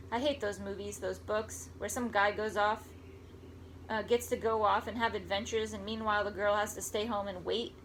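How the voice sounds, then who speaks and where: A woman's voice: medium pitch, steady tone, normal speed, a bit bright, a little hiss or hum, rough recording. A woman reading a first-person story aloud in a wry, conversational way. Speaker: audiobook narrator.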